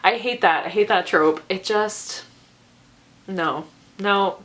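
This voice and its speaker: A woman talking straight to camera in a casual book review vlog. She rants with big exaggeration, often breaks into laughter, and her voice sits at an ordinary middle pitch. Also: slow pace, a bit bright.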